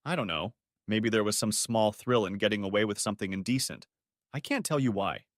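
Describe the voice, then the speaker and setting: A man's voice: fairly low pitch, a little fast, no echo, studio quality, lightly acted. A man voicing a remorseful middle-aged wife who sobs and pleads as she talks. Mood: tearful. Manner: tearful, pleading, whimpering.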